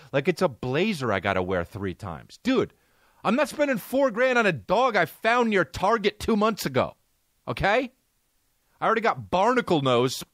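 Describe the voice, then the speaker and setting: A man's voice: medium pitch, a bit bright, dry recording. A male comedian hosts a podcast, spinning a story in a punchy, profane, exasperated way. His voice sits in an ordinary middle range. The recording is dry and close. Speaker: podcast host.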